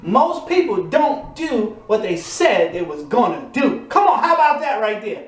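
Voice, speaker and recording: A man's voice: sits high, big pitch swings, unhurried. Preaching man in an echoey room. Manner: rising to emphatic shouts, repeating refrains. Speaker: motivational preacher. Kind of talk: motivational sermon.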